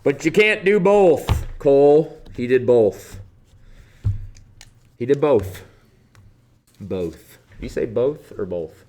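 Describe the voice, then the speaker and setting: A man with a Midwestern accent, teaching a math review lesson in a classroom, animated and joking as he talks through each step. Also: medium pitch, takes it slowly. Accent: Midwestern American. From Midwestern United States.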